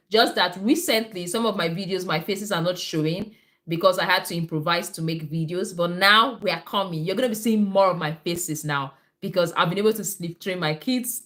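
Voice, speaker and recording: A woman's voice: fairly low pitch, fairly bright tone. A woman, a nurse and midwife, hosting a casual live health stream, chatty and repeating herself as she answers viewer comments.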